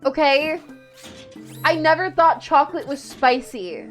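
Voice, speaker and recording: A young woman talks through a game stream in a fairly high, lively voice. She is chatty and excitable, reacting to everything on screen as game music plays faintly behind her. Her mic sits close at her desk. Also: a little slow. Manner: excitable, chatty, gasps and laughs often. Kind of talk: casual live-stream chat while gaming.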